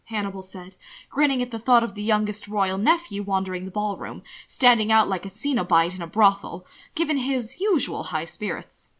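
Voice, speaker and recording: A woman narrates a fan fiction audiobook with expressive storytelling. Her voice is bright and forward, at an everyday pitch for a woman. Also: fairly quick.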